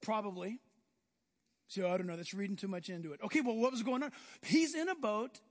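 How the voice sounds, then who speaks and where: A man preaching a sermon in an animated way, acting out scenes from the reading. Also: high voice, brisk, in a large hall. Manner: animated, acts out biblical scenes in voices.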